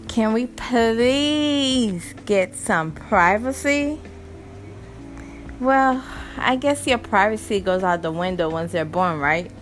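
A young adult woman hosting her own podcast, telling exasperated stories about parenting with frequent laughter. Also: a little high. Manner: animated, laughing, exasperated storytelling. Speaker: podcast host. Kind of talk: casual monologue.

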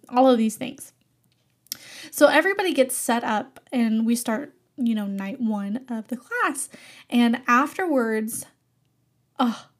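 A young woman, an art teacher, telling a personal story in an expressive, animated way and laughing often. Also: a little high.

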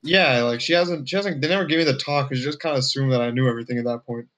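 A young man on a casual podcast, telling a story in a relaxed, chatty way. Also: medium pitch, rapid-fire, rough recording. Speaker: podcast co-host.

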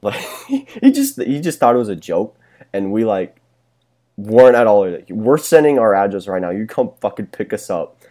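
A man's voice: lowish voice, lively intonation, normal speed, dark tone. A young man in casual podcast chat, rambling through a story with lots of swearing and laughter. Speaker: podcast co-host.

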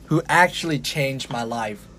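A young man hosting a podcast in casual chat, talking in a halting, rambling way with many restarts and fillers. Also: mid-range voice, sharp tone, slight background noise. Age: young adult. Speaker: podcast host.

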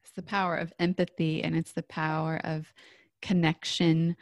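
A woman's voice: deep voice, level tone, moderate pace, no echo, clean studio sound. A woman hosting an interview podcast, talking in a reflective, affirming way and asking open questions. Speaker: podcast host. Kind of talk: interview conversation.

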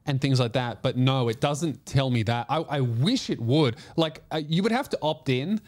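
A man's voice: mid-range voice, lively intonation, normal speed, a little mellow. Joking man in his late twenties. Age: late 20s. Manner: joking, rambling storyteller. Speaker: podcast host. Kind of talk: casual chat.

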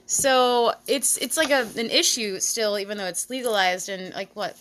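Giggly bright-voiced woman hosting. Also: medium pitch, moderate pace. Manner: giggly, joking, laughs often. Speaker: podcast host. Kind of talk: casual chat with friends. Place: basement around a table.

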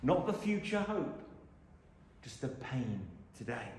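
A man preaching a sermon, dramatic, swinging from loud exclamations to hushed lines. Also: medium pitch, sing-song, slow pace, slight background noise. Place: church. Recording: echoey church hall.

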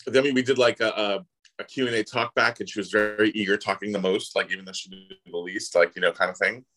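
Animated low-voiced man telling stories. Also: quick pace, low-quality recording. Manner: animated, voices others in quotes. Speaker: guest actor. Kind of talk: casual storytelling.

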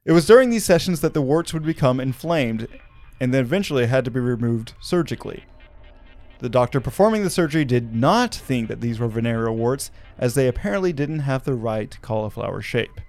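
A man's voice: medium pitch, expressive, brisk, darkish tone, soft background music. A man from Arkansas who hosts a podcast, telling a story with wry asides and laughing at his own jokes. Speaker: podcast host.

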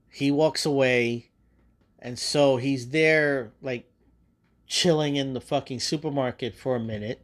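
A man hosting a podcast, casually retelling a movie's plot in a rambling, profane way. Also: a little high. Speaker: podcast host. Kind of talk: casual spoiler review.

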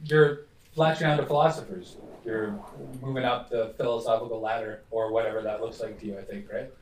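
A man chatting casually as a podcast guest, relaxed and laid-back. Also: on the low side, a little fast, far from the mic, a little hiss or hum. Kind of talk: casual chat. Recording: echoey, off-mic.

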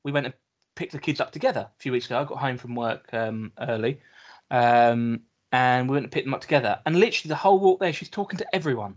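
A man's voice: mid-range voice, fast. A British man co-hosting a podcast in a casual chat, dry and wry, swearing casually. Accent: British English. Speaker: podcast co-host. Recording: dull lo-fi sound.

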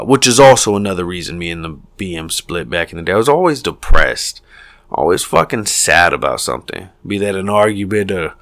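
A man's voice: deep voice, fairly bright tone. A man hosting a solo podcast, rambling and profane, hyping himself up between stalls and tangents. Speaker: podcast host.

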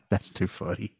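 A man from Georgia with a Southern accent and a rough voice, hosting a podcast interview in a chatty way and laughing often. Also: a little mellow. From Georgia, USA. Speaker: podcast host.

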